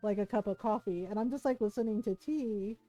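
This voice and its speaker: A woman's voice: medium pitch, brisk, warm tone, dry recording, faint music behind. A middle-aged woman streamer chatting casually while gaming, laughing often and swearing freely.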